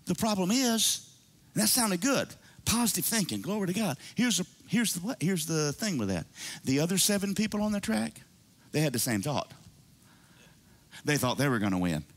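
A man preaching a sermon to his church, animated and climbing into high excited calls. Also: moderate pace. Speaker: pastor.

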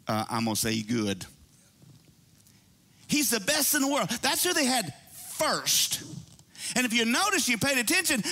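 A man preaching a sermon to his church, animated and climbing into high excited calls. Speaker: pastor.

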